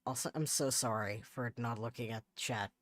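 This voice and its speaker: A man's voice: medium pitch, steady tone, normal speed, a bit bright, dry recording. A man streaming live, chatting casually while he works, often muttering to himself and restarting his sentences in exasperation. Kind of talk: casual livestream chat while working. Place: home setup.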